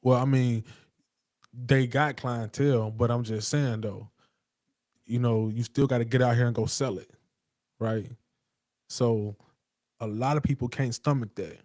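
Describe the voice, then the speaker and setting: A man's voice: mid-range voice, steady tone, measured pace, pauses often, a little mellow, no echo, clean studio sound. A man talking casually in a rambling, emphatic monologue, full of street slang and profanity. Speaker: podcast host.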